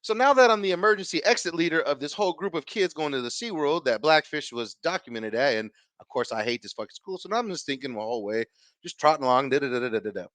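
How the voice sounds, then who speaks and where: A man in his thirties tells a long, profane story on his podcast, swinging between loud outbursts and mumbled asides as he plays out what people said. His voice sits a little high for a man. The sound is dry and close, with no room echo. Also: fast talker. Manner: animated, profane, swings loud and quiet while acting out quotes. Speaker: podcast host. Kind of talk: casual storytelling.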